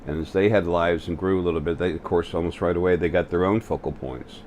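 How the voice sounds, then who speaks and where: A man hosting his own spiritual video channel, talking to the camera in a halting way, full of fillers and restarts. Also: low-pitched, fairly even intonation, a little mellow, slight background noise. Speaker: channel host. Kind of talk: spiritual vlog monologue. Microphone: facing the camera.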